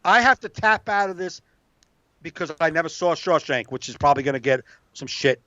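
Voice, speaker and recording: A man's voice: a little high, expressive, fairly quick, bright, forceful tone, dry recording, highs cut off. A man co-hosting a casual podcast, running a movie bracket, laughing often and swearing casually. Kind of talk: casual podcast chat with a live chat room.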